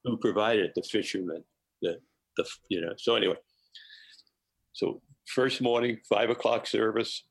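Man with a deep husky voice, warm animated storyteller guest, dry close mic. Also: normal speed, long pauses, no room sound, poor audio. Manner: animated storyteller, laughs often. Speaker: guest chef. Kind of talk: personal anecdote in interview.

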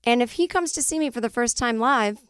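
A woman with a fairly high, smooth, crisp voice hosts her solo podcast in a good-natured cranky way. She swears freely and stays animated throughout. Her voice is still not fully back. The sound is dry and close. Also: a little fast, dry recording. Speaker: podcast host and comedian.

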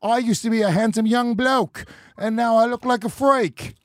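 A man's voice: very high-pitched, fairly even intonation, moderate pace, no echo, studio quality, voice pushed up. A man voicing a boastful, one-eyed British ex-fighter in a put-on Cockney accent, full of exaggerated self-pity. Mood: indignant bluster. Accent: put-on English Cockney. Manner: exaggerated, self-pitying bluster. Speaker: podcast co-host.

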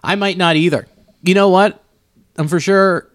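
A man's voice: high-pitched, steady tone, moderate pace, no room sound, clean studio sound. A man co-hosting a podcast in casual chat, jokey and playful. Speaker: podcast co-host.

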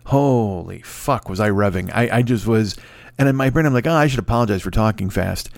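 A man's voice: fairly low pitch, creaky, no room sound. Rambling, profane man hosting his podcast. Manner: rambling, profane, fast-talking and self-amused. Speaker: podcast host. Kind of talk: solo casual monologue. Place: home recording setup. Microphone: close mic.

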